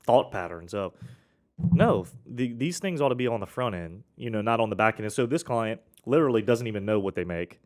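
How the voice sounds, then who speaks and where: A man hosting a casual accounting podcast, telling client stories with frequent restarts and a cough now and then. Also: on the low side. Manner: rambling, self-correcting, with frequent restarts.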